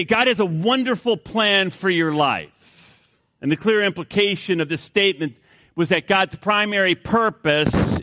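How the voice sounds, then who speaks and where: A middle-aged man preaching a sermon. He opens with a folksy joke and then prays in a hushed, earnest voice. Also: mid-range voice. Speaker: pastor.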